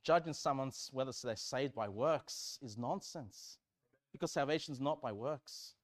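A man preaching a sermon, swinging between loud fervent emphasis and quiet asides. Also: medium pitch, a little slow. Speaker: pastor.

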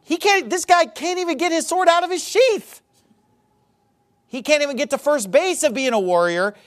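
Emphatic man preaching a sermon, high and lively. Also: moderate pace. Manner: emphatic and repetitive, preaching with hammering phrases. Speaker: pastor.

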